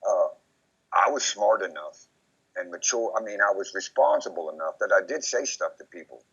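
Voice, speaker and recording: A man being interviewed, rambling and repeating himself as he recounts memories, often quoting others in lively put-on voices. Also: deep voice, normal speed, slightly rough. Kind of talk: casual recorded conversation. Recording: dull lo-fi recording.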